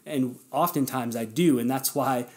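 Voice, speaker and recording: A man with a mid-range voice hosts a podcast at a normal speed, chatting casually but earnestly as he encourages listeners and addresses them directly. His motivational talk is conversational, full of fillers and self-corrections.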